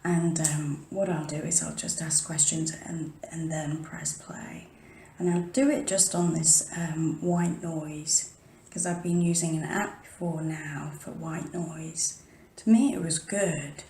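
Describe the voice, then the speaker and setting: This time the low-pitched, dark voice takes things slowly with fairly even intonation, and a little hiss or hum sits under it. Early in the morning in an echoey home room, the paranormal vlogger chats to her camera, rambling, whispering and interrupting herself.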